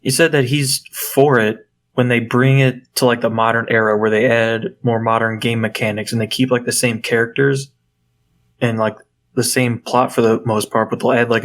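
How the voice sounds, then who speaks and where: A young man co-hosting a podcast, telling a story in a casual, animated way and swearing freely. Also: medium pitch. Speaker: podcast co-host. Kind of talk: casual chat.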